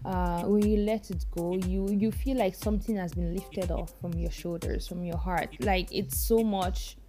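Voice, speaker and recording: A woman's voice: fairly low pitch, steady tone, normal speed, warm tone, soft background music. A woman, a podcast guest talking casually and emphatically, often laughing and repeating herself for stress.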